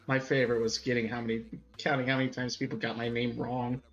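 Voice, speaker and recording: A man's voice: mid-range voice, level tone, fast, a bit bright, muffled recording. A young man in casual chat, wry and self-mocking.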